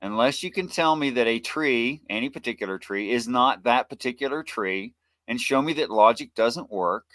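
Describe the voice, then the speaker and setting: A man's voice: mid-range voice, expressive, normal speed, a bit bright, dry recording. A man on a livestream panel who argues insistently, point by point. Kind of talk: casual debate on a livestream.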